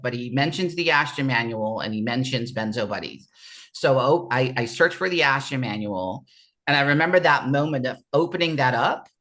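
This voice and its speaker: A man speaking at a mid-range pitch as an interview guest, sharing a raw personal story. He talks in an earnest, halting way, stopping and restarting his sentences and repeating words as he goes. The delivery is candid and unpolished. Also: a bit bright.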